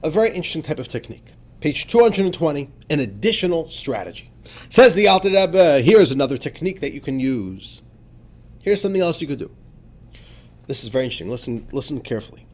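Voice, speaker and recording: A man, a rabbi, teaching a religious text in an emphatic lesson, moving between quiet asides and fervent, urgent outbursts. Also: fairly high pitch, big pitch swings, quick pace.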